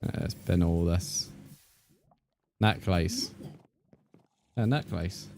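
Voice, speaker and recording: Low-voiced joking male game streamer. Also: slow, creaky, darkish tone, slight background noise. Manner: joking, swearing, reacting to chat. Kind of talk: casual live-stream chat with viewers.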